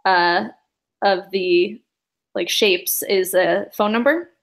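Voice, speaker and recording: A woman runs a tabletop game, narrating in a casual, rambling way. She uses many fillers and laughs as she goes. Her voice is mid-pitched. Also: takes it slowly. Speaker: game master.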